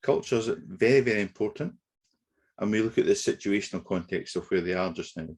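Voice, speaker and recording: Guy teaching a negotiation webinar, deep husky voice, steady explaining. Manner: measured explanatory delivery with occasional fillers. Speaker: negotiation trainer. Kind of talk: webinar lecture. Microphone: webinar computer mic.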